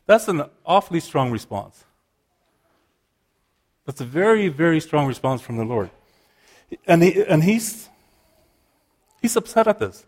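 A man delivering a sermon with a somewhat high-pitched voice. He explains scripture earnestly and restarts phrases as he works through a point. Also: very animated, a little slow, pauses often, a little mellow. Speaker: preacher.

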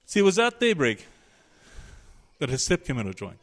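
A man's voice: a little high, sing-song, moderate pace, a bit bright. A man preaching a sermon, emphatic and searching, voicing the pleading of a biblical figure in his quotes.

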